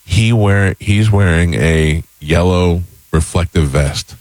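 Deep-voiced radio host. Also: male voice, slow, darkish tone, no room sound. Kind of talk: casual radio chat.

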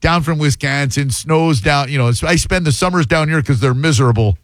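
A man's voice: fairly high pitch, no echo. Joking male radio host, dry studio sound. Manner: quick, joking, teasing. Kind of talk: casual call-in radio banter.

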